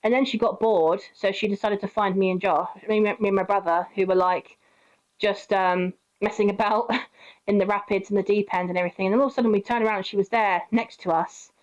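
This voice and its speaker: A young woman at a middle pitch telling a casual storytime vlog. She rambles and swears with easy laughter, and her voice comes through dull and lo-fi. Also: steady tone, brisk. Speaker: vlogger.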